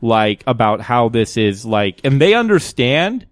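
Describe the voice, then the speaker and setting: Rambling animated man telling a story. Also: medium pitch, a little slow, no room sound, studio quality. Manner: rambling storyteller, many fillers, laughs often. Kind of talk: casual chat.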